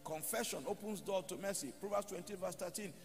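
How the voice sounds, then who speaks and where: High-voiced male pastor in a reverberant hall. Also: a little fast. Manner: preaching with told stories and leading prayer. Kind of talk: sermon. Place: church hall. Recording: long church hall reverb, faint music.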